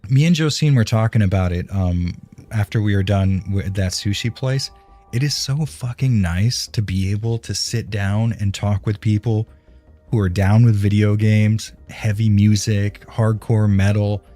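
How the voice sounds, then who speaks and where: Over soft background music, a man with a warm, lowish voice keeps a steady tone and measured pace. Streaming live from home into a close dynamic broadcast mic, he chats loosely with viewers, answering chat with plenty of rambling and swearing.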